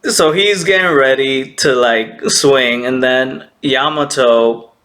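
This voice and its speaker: A man casually recapping an anime episode, excitable, laughing often and acting out characters' lines. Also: medium pitch, takes it slowly.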